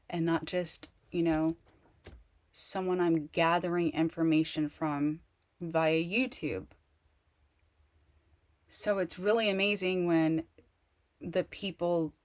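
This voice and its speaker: Candid, rambling woman with a low voice. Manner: rambling, halting, many restarts and fillers; candid and emotional. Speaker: vlogger. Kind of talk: casual personal monologue.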